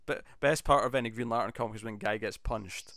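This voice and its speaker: A man talks through an episode with his co-host in lively, animated bursts, jumping into little acted-out lines along the way. His voice comes through smooth and clean on a close, dry mic with almost no room sound. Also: on the low side, brisk, dry recording. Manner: animated, enthusiastic, quotes scenes in bursts. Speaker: podcast co-host. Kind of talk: casual chat.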